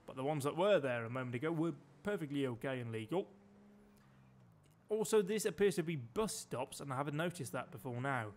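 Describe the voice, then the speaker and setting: A British man streaming and talking over his gameplay, his voice sitting a little higher than most men's. He keeps up a loose, chatty running commentary and drops dry, wry remarks. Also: expressive, a little fast. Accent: British English.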